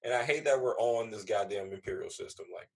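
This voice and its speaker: A man, a guest comedian, telling a story in casual chat, animated and swearing freely. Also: on the low side, fairly quick, creaky.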